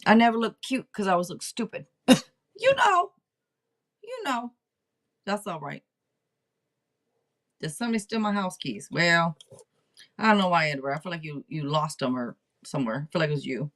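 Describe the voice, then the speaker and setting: A woman's voice: low voice, a little fast, a bit bright. A woman hosting a casual livestream tarot reading, talking to viewers in a direct, playful, teasing way. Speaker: tarot reader and livestream host.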